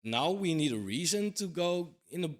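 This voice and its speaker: A man's voice: on the high side, expressive, moderate pace. A man in his thirties giving a casual crypto commentary monologue, blunt and emphatic, swearing casually and tagging points with "right?". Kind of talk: casual talking-head monologue.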